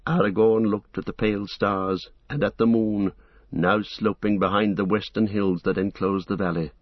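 Low-voiced man reading a story. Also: flat delivery, moderate pace, dry recording. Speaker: narrator. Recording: dull lo-fi recording.

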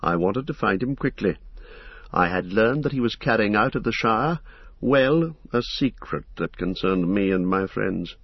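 A man's voice: fairly low pitch, lively intonation, slightly rough, dry recording, muffled recording, voice pushed up, heavily acted. A man doing Strider, a grim watchful ranger. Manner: measured, guarded, grim. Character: wary grim male ranger, weathered and watchful. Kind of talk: audiobook character voice.

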